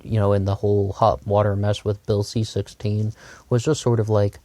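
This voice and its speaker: Low, mellow-voiced man rambling opinions. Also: little pitch movement, normal speed, no echo. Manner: rambling, hesitant, repeats himself. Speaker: commentator. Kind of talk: opinion monologue.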